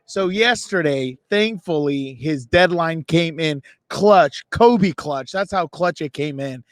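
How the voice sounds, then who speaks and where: At a radio row event booth, a podcast co-host with a high voice tells an excited, rambling story on a sports show, speaking slowly. He's animated and self-mocking, acting out what others said. The sound is dry and close, without room echo.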